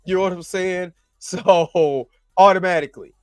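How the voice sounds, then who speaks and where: A man hosting a casual live-stream commentary show, talking straight to his viewers with slang and quick asides. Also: sits high, expressive, no room sound. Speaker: YouTube commentary host. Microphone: laptop recording setup.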